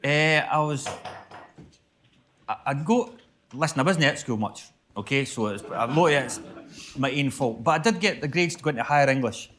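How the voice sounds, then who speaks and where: A Scottish man with a Stirlingshire accent answers audience questions at a live festival, talking in loose, rambling runs with many restarts. His voice sits at an ordinary middle pitch. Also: lively intonation, moderate pace, fairly bright tone, a little hiss or hum. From Stirlingshire, Scotland. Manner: rambling, repeats and restarts, chatty. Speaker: guest poet.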